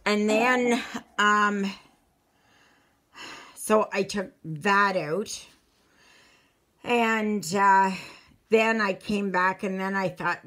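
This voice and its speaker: A woman chatting casually to her viewers, a little out of breath, rambling with halting restarts. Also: on the low side, animated, a bit bright. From Canada. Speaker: stitching vlogger. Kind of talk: casual chat.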